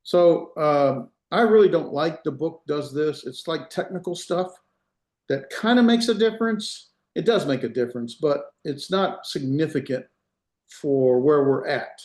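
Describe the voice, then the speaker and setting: A man's voice: fairly high pitch, a little slow, a little mellow. Man teaching a class in a roomy room. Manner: explains step by step, repeats examples, checks understanding. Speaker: Hebrew instructor. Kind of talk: classroom lecture. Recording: roomy echo.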